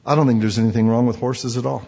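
Male preacher, mid-pitched, lively and questioning; muffled recording with long hall echo. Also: fast talker, gravelly, slightly rough. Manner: lively, quizzes the congregation, acts out quotes. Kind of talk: sermon.

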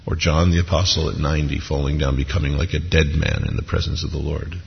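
A man's voice: very deep voice, flat delivery, fast talker, vocal fry. A man preaching a sermon in a conversational way, with frequent casual asides to the congregation. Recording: echoey hall, dull lo-fi sound.

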